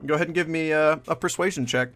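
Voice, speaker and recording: A man's voice: a little high, quick pace, fairly bright tone, faint music behind. A man running a tabletop game, describing scenes loosely with many fillers. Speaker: game master.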